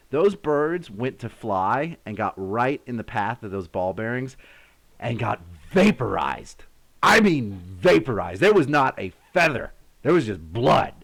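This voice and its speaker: A man in his thirties chats casually on his live stream, his voice swinging widely up and down as he tells a tale. He acts out explosions and his own startled shouts, in a middle-pitched voice. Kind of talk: casual storytelling to a live chat.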